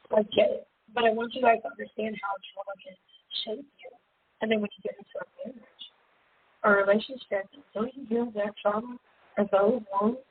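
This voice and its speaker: A woman in a candid, chatty personal monologue, laughing often and leaping up into high tones as she makes her points. Her voice sits at a middle pitch for a woman. The sound is thin and phone-like, with a faint hiss underneath. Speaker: self-help seminar host.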